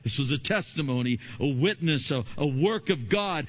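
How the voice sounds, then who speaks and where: A man preaching a sermon as pastor, emphatic and animated. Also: on the high side, moderate pace, hardly any pauses, husky. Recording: dull lo-fi recording.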